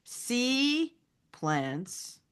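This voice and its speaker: Slow-talking chatty woman co-host. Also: a little high, sing-song, fairly bright tone, smooth. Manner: chatty storyteller, laughs often, many restarts. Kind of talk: casual chat.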